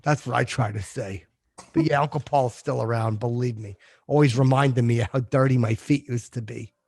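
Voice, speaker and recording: A man's voice: medium pitch, fairly even intonation, moderate pace, gravelly, a little mellow, dry recording. An actor playing a crude, boastful male comedian who hosts a podcast, talking with swagger and heavy swearing. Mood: grumbling. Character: crude boastful middle-aged male comedian, vain and petty. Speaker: podcast host. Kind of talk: improvised character comedy.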